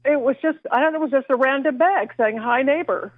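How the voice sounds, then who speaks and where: A woman calling into a radio talk show, excited and chatty, apologizing as she tries to calm down. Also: high voice, quick pace, no room sound. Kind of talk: phone-in call. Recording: tinny phone line.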